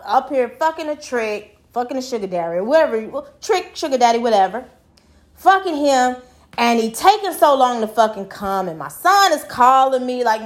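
A fairly high-voiced middle-aged woman talks casually and bluntly, swearing freely. She rambles through her story with plenty of "you know"s and restarts. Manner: blunt, profane, rambling with many fillers. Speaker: vlogger commenting on a news case.

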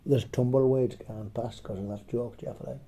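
A man with a slightly hoarse voice telling a rambling, profane comic story, chuckling and tagging his lines with "eh?". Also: medium pitch, fairly even intonation, moderate pace, warm tone. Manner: foul-mouthed, rambling, chuckling, tags lines with "eh?". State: a bit hoarse. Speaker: comedic storyteller. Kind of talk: profane comedic storytelling chat.

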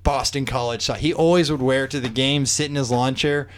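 A man's voice: mid-range voice, steady tone, fast, a little hiss or hum. A man co-hosting a comedy podcast, telling stories in a wry, casual way. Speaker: podcast co-host.

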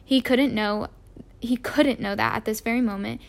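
Woman reading a storybook with gravelly voice. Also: on the high side, steady tone, normal speed. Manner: stumbles and restarts words. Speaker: amateur audiobook reader. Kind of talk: storybook narration.

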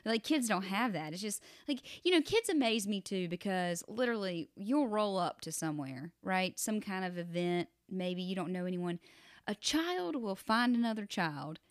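A woman's voice: mid-range voice, lively intonation, moderate pace, no room sound, clean studio sound. A woman in her thirties co-hosting a podcast, talking through ideas in a reflective, casual way. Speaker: podcast co-host. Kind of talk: casual chat.

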